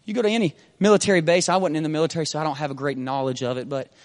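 A man preaching a sermon with passion, often building from a hushed tone to shouting and using repeated rhetorical questions. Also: a little high, fairly even intonation, very fast. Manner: impassioned, rises to shouting.

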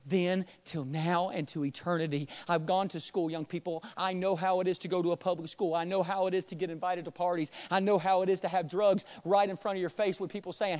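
A young man preaching a sermon in a church, swinging from hushed, quiet passages to loud, impassioned pleading. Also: high voice, fairly even intonation, fairly quick, few pauses. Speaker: pastor. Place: church sanctuary.

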